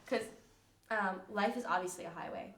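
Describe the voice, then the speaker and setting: A young woman co-hosting a podcast, telling stories in quick, slangy casual chat and often breaking into giggles. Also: medium pitch, a bit bright, a little hiss or hum. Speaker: podcast co-host. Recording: echoey room.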